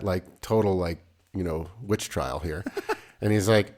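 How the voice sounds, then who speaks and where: A man's voice: on the low side, normal speed. A man in his thirties co-hosting a casual parenting podcast, telling stories with lots of laughter. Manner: animated storytelling, laughs often. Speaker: podcast co-host. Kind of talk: casual chat.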